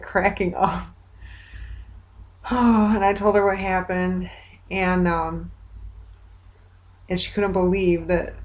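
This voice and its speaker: A woman talking in a casual personal video diary, rambling as she retells conversations with many fillers, hopeful yet weary. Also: fairly low pitch. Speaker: vlogger.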